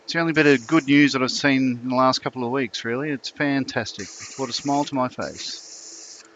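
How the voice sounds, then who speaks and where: A man's voice: medium pitch, fairly even intonation, fairly quick, fairly bright tone, a little hiss or hum. A man in a casual livestream chat, speaking cheerfully and with enthusiasm. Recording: dull lo-fi audio.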